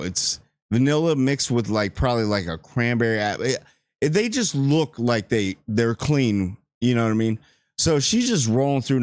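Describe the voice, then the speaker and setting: A man giving a casual, rambling spoiler review of a TV episode, joking and acting out characters in quick asides. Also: mid-range voice, no echo, studio quality. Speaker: show reviewer.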